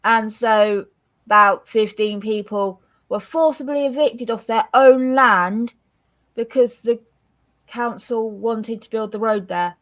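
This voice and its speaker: A woman with an English accent chatting casually as a co-host, blunt and animated, swearing freely. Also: fairly high pitch, takes it slowly. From England. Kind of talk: casual chat.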